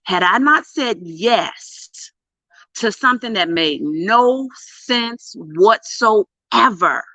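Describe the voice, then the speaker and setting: A middle-aged woman and PR coach telling a story to camera in a casual, animated way, with emphatic bursts and hushed asides. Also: mid-range voice, very slow, no echo. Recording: dull lo-fi, dry sound.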